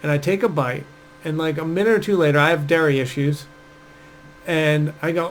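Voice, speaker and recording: A man's voice: fairly high pitch, fairly even intonation, normal speed, slight background noise, poor audio. A man giving casual dating advice, chatty and full of fillers, acting out quoted speech as he goes. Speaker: dating coach.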